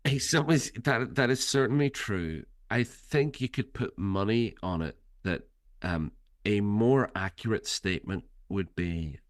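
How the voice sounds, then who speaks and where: A man with a very low, deep voice speaking in a reflective, hesitant way, often restarting his sentences and laughing easily. He talks films in casual chat. The sound is close and dry. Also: moderate pace, no echo. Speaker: podcast co-host and author.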